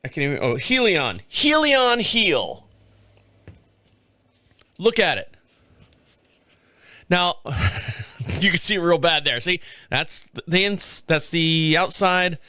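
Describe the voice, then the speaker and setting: A man's voice: fairly high pitch, slow pace, pauses often, sharp tone, clear, resonant tone, dry recording. A middle-aged man hosting his own show, telling a rambling story to camera in casual chat and laughing often, recorded in a small home studio. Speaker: podcast host. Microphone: studio mic on camera.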